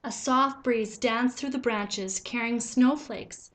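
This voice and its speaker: A woman reading a children's picture book aloud in a slow, gentle, expressive way. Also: on the high side. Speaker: storybook reader. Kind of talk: children's story read-aloud.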